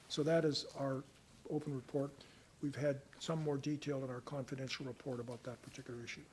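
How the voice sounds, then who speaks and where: An older man from Canada answering reporters' questions at a press conference in a measured, deliberate way, at times reading aloud from a report. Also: medium pitch, little pitch movement, a little mellow, a little hiss or hum. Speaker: special rapporteur at a press conference.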